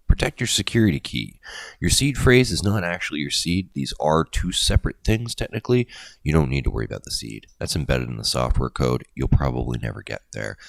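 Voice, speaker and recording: A man's voice: rumbling low, gravelly, no echo. A middle-aged man hosting a crypto video, explaining in a casual, rambling way with jokey asides.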